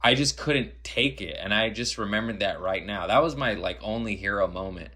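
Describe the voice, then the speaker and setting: A male comedian guest on a podcast, telling profane stories in casual, animated chat. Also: on the low side, normal speed.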